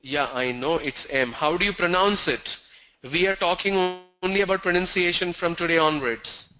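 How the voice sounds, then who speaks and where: A man teaching pronunciation, slowly demonstrating sounds with repeated example words. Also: high voice, sharp tone, rough recording. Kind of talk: classroom pronunciation lesson.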